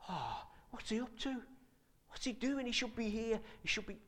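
A band of eager, restless disciples, as a preacher puts them on, pitched well above his usual voice and urgent and excited. The lines come fast as questions, with no patience left. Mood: puzzled, eager.

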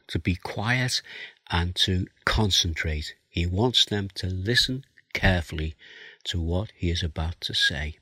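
A man's voice: deep voice, sharp tone, breathy edge, dry recording. A man preaching a sermon, explaining a passage of scripture verse by verse and reading it aloud. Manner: expository, reads scripture aloud.

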